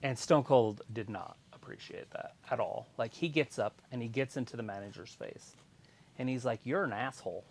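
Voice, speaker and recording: Gravelly-voiced man, chatty and animated. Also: mid-range voice, normal speed. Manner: animated storyteller, swears freely, sings off-key snippets. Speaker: co-host of a wrestling watch-along stream. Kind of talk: casual live-stream chat.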